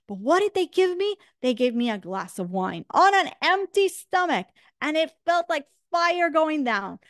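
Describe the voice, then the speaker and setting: A woman's voice: very high voice, no room sound, studio quality, voice pushed up. A woman voicing an angry, hungry male beggar who complains indignantly while telling a story in class. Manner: exasperated, complaining.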